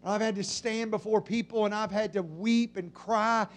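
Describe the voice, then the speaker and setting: High-voiced impassioned male preacher. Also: steady tone, normal speed. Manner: impassioned preaching, moving between hushed and shouted passages. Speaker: pastor. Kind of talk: sermon. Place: church pulpit.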